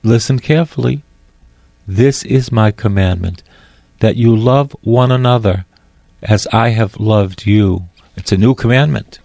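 A man's voice: fairly low pitch, measured pace, vocal fry, a little mellow, no room sound, studio quality. A man preaching a sermon, fervent and repetitive, quoting scripture and driving points home by repeating phrases.

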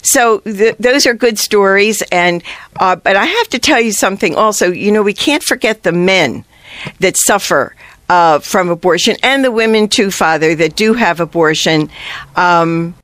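Earnest sidewalk counselor sharing stories with a priest, chatty and halting, dry close sound. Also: medium pitch, expressive, fairly bright tone, dry recording. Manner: chatty and earnest, with many restarts. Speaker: pro-life sidewalk counselor. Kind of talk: telling stories to a priest on a talk show.

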